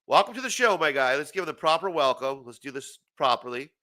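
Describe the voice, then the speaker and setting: A man in his forties hosts a comics talk show, his fairly high voice moving at a quick clip. He rants casually in late-night style, swearing a lot, staying animated and laughing often.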